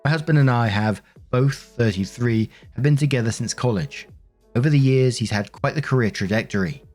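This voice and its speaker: A man's voice: medium pitch, normal speed, darkish tone. A man reading online stories aloud and adding his own reflective, conversational commentary with frequent fillers. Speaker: narrator and commentator. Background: faint background music.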